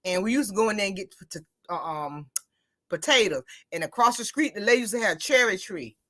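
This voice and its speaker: A woman's voice: medium pitch, a little fast. A woman chatting casually as a host, telling stories and acting out quoted exchanges. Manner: chatty, storytelling, animated retelling with quoted dialogue. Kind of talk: casual chat.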